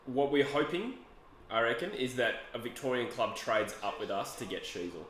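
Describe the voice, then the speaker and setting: A man's voice: mid-range voice, lively intonation, moderate pace, a bit bright, a little hiss or hum. Laid-back Australian young man, echoey room. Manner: laid-back, laughs often, trails off. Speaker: podcast host. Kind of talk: casual live watch-along chat. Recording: roomy echo, faint ambience.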